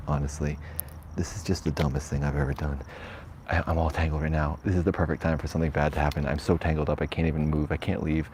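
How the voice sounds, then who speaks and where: A man's voice: extremely low pitch, level tone, quick pace, darkish tone, a little hiss or hum. A man streaming a nervous night walk through a cemetery, rambling and half-whispering into a shirt mic. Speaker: vlogger. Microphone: shirt lapel mic.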